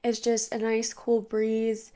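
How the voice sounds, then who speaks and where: Young woman, 20s, chatty podcast host, slightly high voice, tired and nasal today. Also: completely flat delivery, takes it slowly, warm tone. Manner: chatty, bubbly, lots of "like". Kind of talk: casual chat. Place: bedroom with blinds drawn.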